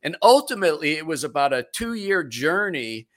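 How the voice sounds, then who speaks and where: A man hosting a radio show speaks with a bright, forceful tone and a slightly raised pitch. He rambles into his questions with jokes and asides. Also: big pitch swings, normal speed. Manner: chatty, jokey, rambling questions. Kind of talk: casual interview talk.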